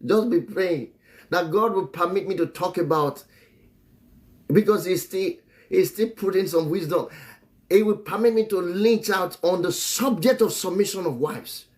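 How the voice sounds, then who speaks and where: A man's voice: high-pitched, measured pace. A man teaching about marriage on a live stream in a preachy way. He repeats phrases and chuckles often between remarks. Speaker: relationship teacher and author.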